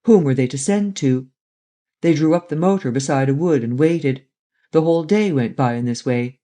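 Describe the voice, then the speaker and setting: A man narrating a classic adventure novel in a steady, even storytelling manner. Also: on the high side, normal speed. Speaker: audiobook narrator. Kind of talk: scripted narration.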